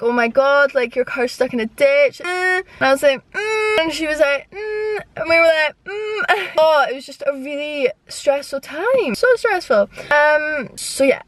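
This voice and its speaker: A woman's voice: fairly high pitch, no echo. A young woman telling a dramatic storytime vlog in a chatty way, full of "like" fillers. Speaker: vlogger.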